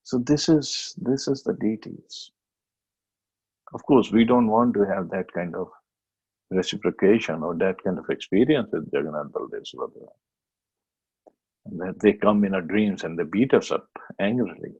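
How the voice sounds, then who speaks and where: A man giving a devotional scripture class, telling a story plainly with many pauses and restarts. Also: sits low, a little mellow, breathy edge, lo-fi sound.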